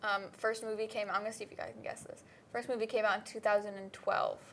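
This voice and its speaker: A woman's voice: medium pitch, flat delivery, quick pace, heavy background noise. Playful woman from Oregon. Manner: enthusiastic and playful, jokes with friends. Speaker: podcast co-host. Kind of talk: casual chat.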